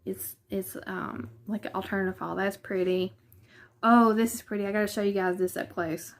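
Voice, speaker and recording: A woman's voice: medium pitch, fairly even intonation, normal speed. A woman with a Southern US accent chatting casually through a quilting unboxing in her living room, hesitant and thinking aloud as she goes. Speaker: vlogger.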